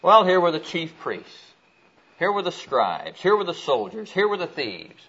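A man preaching a sermon with an animated, storytelling delivery, swinging widely up and down in pitch as he reads scripture aloud. His voice is bright and forceful. The recording is dull and lo-fi. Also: unhurried, husky.

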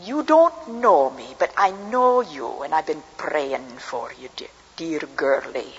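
A woman voicing a kindly, motherly old Scottish lady who speaks slowly and tenderly, with a Scottish accent. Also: low-pitched, animated, slightly rough, exaggerated voice. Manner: slow, tender, doting. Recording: dull recording with long hall reverb.

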